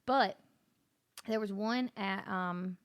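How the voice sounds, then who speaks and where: Female podcast guest, chatty and rambling, average pitch. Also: slow pace, smooth. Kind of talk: casual chat.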